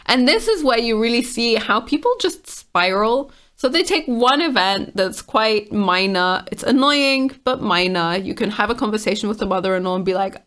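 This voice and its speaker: A woman with a slightly high voice talks through online comments in a casual, chatty way. She sounds exasperated and laughs often as she reacts. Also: expressive, normal speed, few pauses, fairly bright tone.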